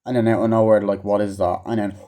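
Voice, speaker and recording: A man's voice: lowish voice, little pitch movement, racing, mellow. A man giving a casual, rambling movie review, swearing often and mimicking characters in mocking voices. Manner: rambling, profane, acts out scenes in mocking voices.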